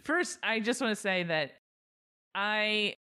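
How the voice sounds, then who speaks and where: A woman co-hosting a podcast, telling an animated story and laughing often. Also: medium pitch, slow, clear, resonant tone. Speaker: podcast co-host. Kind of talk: casual chat.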